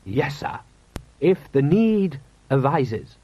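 A man's voice: medium pitch, very animated, slow pace, pitched above the performer's own voice, heavily acted. A man doing a stiff, deferential butler. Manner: formal, deferential. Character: stiff, loyal male butler. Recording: dull, slightly lo-fi.

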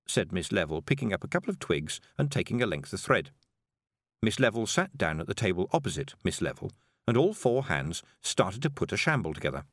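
A man narrating an audiobook in an expressive storytelling manner. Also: deep voice, brisk, no echo, studio quality.

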